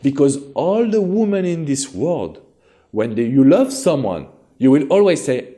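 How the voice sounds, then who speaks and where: A man's voice: medium pitch, sing-song, unhurried, mellow. A man with a French accent giving relationship advice directly to his viewers as a coach, in an earnest and encouraging way.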